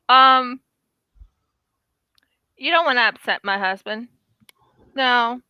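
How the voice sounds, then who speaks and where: A woman's voice: high-pitched, lively intonation, slow pace, pauses often, bright, forceful tone, clear, resonant tone, dry recording. A woman in casual chat, agreeable and chatty, telling short personal stories. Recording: dull lo-fi dry recording.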